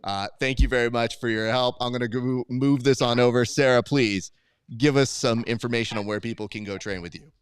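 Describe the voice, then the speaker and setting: A man's voice: mid-range voice, steady tone, brisk, smooth, dry recording. A man hosting a live grappling stream, joking and teasing his guests in casual banter. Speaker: podcast host.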